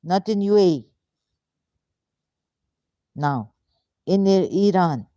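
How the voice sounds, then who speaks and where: Woman ranting to camera, fed up and confrontational, slow deliberate talk, lowish voice. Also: expressive, mellow, dry recording, highs cut off. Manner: angry, frustrated, confrontational. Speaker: vlogger.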